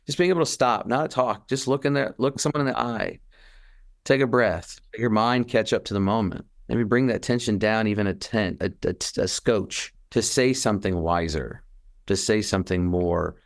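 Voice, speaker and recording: Here a man with a lowish, creaky voice co-hosts a podcast at an ordinary pace. He comes across as earnest and animated, keeps things casual and reflective, restarts frequently, and acts out quotes.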